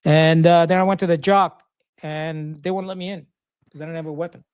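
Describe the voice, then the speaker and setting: A man's voice: on the high side, steady tone, brisk, darkish tone, smooth. Blunt, salty middle-aged man telling war stories. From Pakistan. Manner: blunt, profane, acts out quoted dialogue. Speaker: podcast guest, retired Marine officer. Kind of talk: casual war storytelling.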